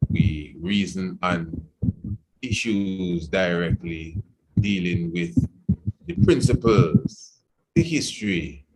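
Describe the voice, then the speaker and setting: A man's voice: sits low, slow pace, heavy background noise. A man hosting a reflective radio talk program, speaking in a meandering way with frequent "you know"s.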